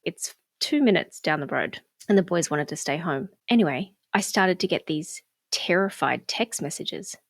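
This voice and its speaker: A woman's voice: lowish voice, animated, moderate pace, few pauses, no echo, studio quality. A woman, co-hosting a podcast and telling a story in casual chat, acting out quotes and swearing freely. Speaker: podcast co-host.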